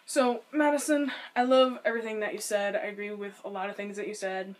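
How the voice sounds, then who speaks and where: A woman chatting casually as she reacts to a friend's video, giggly and quick to apologize. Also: mid-range voice, little pitch movement.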